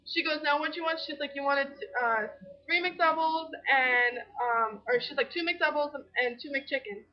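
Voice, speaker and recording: Giggly high-voiced young woman on webcam. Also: moderate pace. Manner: giggly, animated retelling with quoted voices. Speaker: vlogger. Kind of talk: casual storytelling chat. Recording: dull lo-fi webcam audio.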